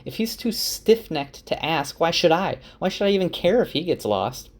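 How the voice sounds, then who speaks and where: A man's voice: fairly high pitch, animated, moderate pace, voice pushed up. A man voicing a defiant, proud young woman who scolds sharply. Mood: scornful.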